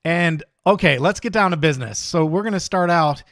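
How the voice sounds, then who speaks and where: A man's voice: fairly high pitch, fairly quick, a bit bright, dry recording, clean studio sound. A man hosting a live radio-control hobby stream, chatting casually and greeting viewers one by one in an upbeat way. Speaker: host of a live RC hobby show. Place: home studio desk.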